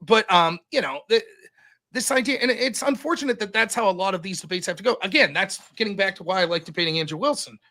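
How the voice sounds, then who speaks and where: A man holds forth as a podcast guest. His voice is high and sharply bright. He talks with animated, profane energy and acts out quoted exchanges in different tones as he goes. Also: quick pace. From outside the United States. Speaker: podcast guest taking over the show. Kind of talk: casual podcast chat about debating.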